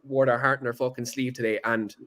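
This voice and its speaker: A man praising his team in an emphatic, casual podcast chat, with a lot of heavy swearing. His voice sits at a mid pitch. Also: little pitch movement, a little fast, sharp tone. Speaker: podcast panelist. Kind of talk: excited match-reaction chat.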